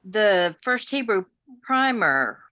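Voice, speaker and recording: Woman, student, careful, questioning, bright tone, dry recording. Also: mid-range voice, big pitch swings, slow pace, no echo, muffled recording. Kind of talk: asking questions in a class.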